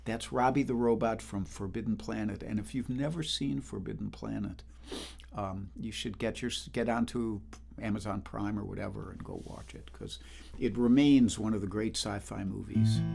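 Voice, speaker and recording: A man's voice: on the low side, fairly even intonation, moderate pace, gravelly, darkish tone, faint music behind. An older man hosting a livestream concert, chatting casually between songs and greeting viewers by name with a rambling manner. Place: home, livestream. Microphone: livestream microphone.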